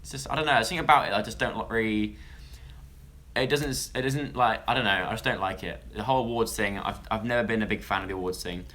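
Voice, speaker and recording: A man's voice: fairly low pitch, quick pace, bright, forceful tone. A young man from England chatting casually on a live stream, rambling and interrupting himself as he talks to viewers.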